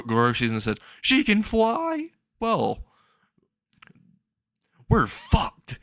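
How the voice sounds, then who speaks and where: A man rambles through a comic story in a casual, swearing tone, breaking into laughs as he goes. His pitch sits in the middle, and the sound is dry and close with no room around it. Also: sharp tone, dry recording.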